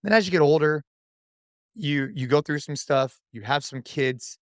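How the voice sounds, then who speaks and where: A man's voice: fairly high pitch, normal speed, dry recording, clean studio sound. A man in his thirties, a podcast guest, talking casually and with energy, like a fitness coach cheering someone on. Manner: energetic, coach-like, says dude and man a lot. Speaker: podcast guest, CrossFit athlete.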